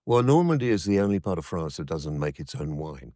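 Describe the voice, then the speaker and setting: This is an older Englishman with a very low, deep voice, chatting casually as co-host. He talks haltingly, restarting his sentences and filling pauses. The sound is dry and close, with no room around it. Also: very animated, warm tone, dry recording. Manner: halting, with frequent restarts and fillers. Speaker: podcast co-host. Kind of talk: casual chat.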